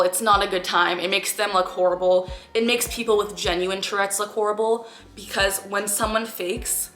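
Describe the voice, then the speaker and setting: A woman's voice: medium pitch, sharp tone. A young woman giving earnest, frustrated reaction commentary with sighing groans. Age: young adult. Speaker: YouTuber reacting to a clip. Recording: echoey room with faint music.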